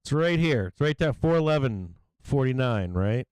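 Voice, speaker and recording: Man, live trading commentary, profane, excitable, smooth resonant voice, dry close sound. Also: medium pitch, moderate pace, dry recording, poor audio. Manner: profane, excitable, yelling at times; explains chart levels. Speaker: stock market livestream host.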